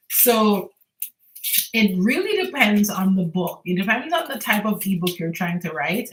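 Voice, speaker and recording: Woman, Caribbean accent, young adult, casual livestream chat, laughs often, mid pitch, echoey room. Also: a bit bright. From Antigua and Barbuda. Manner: chatty, laughs often, answers viewer questions. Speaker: small business owner and livestreamer. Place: home. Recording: roomy echo.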